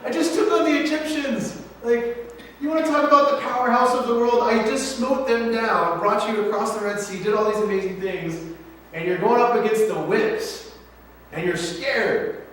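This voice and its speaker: A man voicing an angry, exasperated male God who scolds his people in a loud, slangy, comic way. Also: very high voice, normal speed, slight background noise, voice pushed up. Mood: scolding. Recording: echoey church hall from far off.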